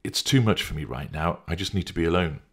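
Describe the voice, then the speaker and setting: A man's voice: deep voice, expressive, fast, breathy edge, heavily acted. A man voicing an irritated, overwhelmed young mother who pushes her lover away, in an audiobook reading. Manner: curt, exasperated, impatient.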